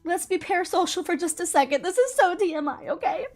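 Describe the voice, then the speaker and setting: A young woman with a high, bright-sounding voice chats straight to the camera in a lively, animated way. She talks close to the mic and laughs as she tells her story, and faint music plays underneath. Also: fast. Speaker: YouTuber. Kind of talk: casual storytime chat to camera.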